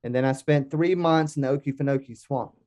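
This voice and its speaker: An American man in his forties, a podcast guest telling lively anecdotes. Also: mid-range voice, a little fast. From United States. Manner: lively anecdotes with acted-out quotes. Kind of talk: casual storytelling.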